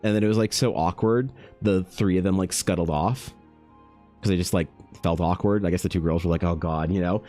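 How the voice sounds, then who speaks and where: Low-voiced man chatting while drawing. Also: fairly even intonation, fairly quick, mellow, soft background music. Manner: rambling, restarts often, swears freely. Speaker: artist streaming while drawing. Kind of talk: casual chat with stream viewers.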